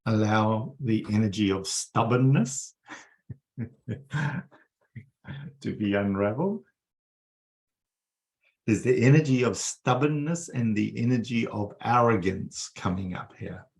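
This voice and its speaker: A man leading a guided energy-healing meditation for a group, coaxing softly and repeating himself, with many fillers. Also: on the low side, slow, long pauses.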